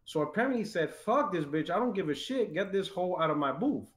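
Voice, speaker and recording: Animated high-voiced New man. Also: fast talker, reverberant. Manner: animated, swearing, quotes people in raised voice. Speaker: podcast guest telling stories. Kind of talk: casual storytelling.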